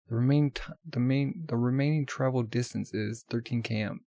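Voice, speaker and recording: A man's voice: mid-range voice, moderate pace, few pauses, mellow, no room sound. A man casually reading a manga aloud with commentary, often stumbling over words and correcting himself. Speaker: manga reader.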